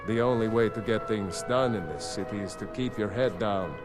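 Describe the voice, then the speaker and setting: An actor playing a bitter, aging shopkeeper and former fisherman in a video game, with a gruff, sour way of complaining. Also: fairly low pitch, normal speed, lightly acted. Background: game music.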